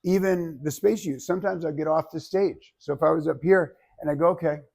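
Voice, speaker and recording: Male speaking coach, lively and chatty before students, a bit higher pitch, fry in the voice. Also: a little fast. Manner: energetic, conversational, checks in with "right?". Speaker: public speaking teacher. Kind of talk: classroom lecture. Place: classroom with live students.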